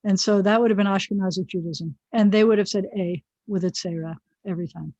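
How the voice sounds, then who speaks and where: A middle-aged woman rabbi teaches biblical Hebrew online, explaining each word and wandering into friendly asides. Her medium-pitched, dark-toned voice is fairly even and a little fast, coming through a dull, dry video-call connection with no room sound.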